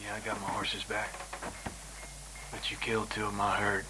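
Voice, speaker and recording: Actor playing a proud rancher, tense, low monotone, clipped lines, western film clip, noisy background. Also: male voice, moderate pace, lightly acted. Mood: stiff, resentful.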